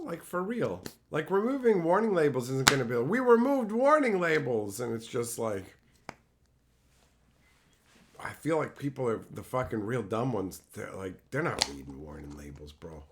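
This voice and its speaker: Background noise accompanies a man's casual livestream talk as he riffs on viewer chat with crude, profane banter. He sounds animated, with a mid-range voice at a normal speed.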